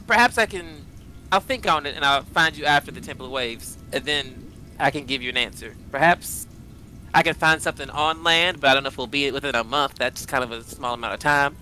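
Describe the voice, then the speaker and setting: A man's voice: fairly high pitch, pushed and bright, slight background noise. A man voicing a proud young princess and healer who speaks formally and hesitates. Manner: formal, hesitant, self-important.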